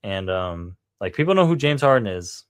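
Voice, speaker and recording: A man's voice: on the low side, very animated, moderate pace, smooth, dry recording. A man co-hosting a podcast, chatting casually about basketball, slangy and rambling, with lots of "bro" and swearing. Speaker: podcast co-host. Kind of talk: casual sports chat.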